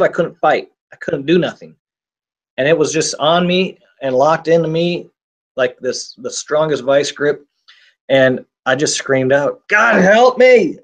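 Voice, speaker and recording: Halting, intense man telling his story. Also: fairly high pitch. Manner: halting, repeats and restarts words, intense. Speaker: interview guest telling his survival story. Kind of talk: personal testimony in an interview.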